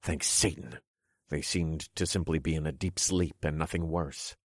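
A man narrates a dark fantasy story in the first person with steady drama. His voice sits very low and husky. The recording is dry and close. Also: moderate pace, dry recording.

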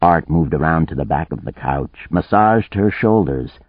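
Deep-voiced man narrating an audiobook. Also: expressive, moderate pace, slightly rough, no room sound. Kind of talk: scripted narration. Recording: narrow phone-like band, dry.

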